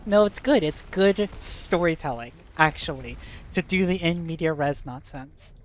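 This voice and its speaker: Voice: mid-range voice, expressive, moderate pace. Game streamer, casual commentary, joking, laughs a lot, faint background noise. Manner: joking, laughs often, rambling asides.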